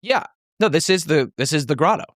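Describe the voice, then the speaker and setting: A man's voice: a little high, lively intonation, fairly quick, a bit bright, no room sound, clean studio sound. A man running a tabletop game as game master, describing scenes in a loose, rambling way.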